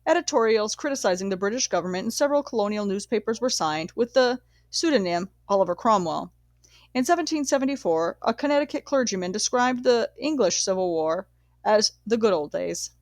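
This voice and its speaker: A woman reading a nonfiction history book aloud in a measured, steady way, sometimes correcting herself. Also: mid-range voice, no room sound. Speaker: audiobook reader.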